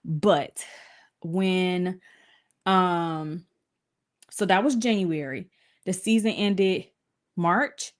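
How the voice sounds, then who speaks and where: Animated young woman telling a story. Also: on the low side, extremely slow, pauses often. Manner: animated, acts out quoted voices with cursing. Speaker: streamer. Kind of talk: casual storytelling to viewers.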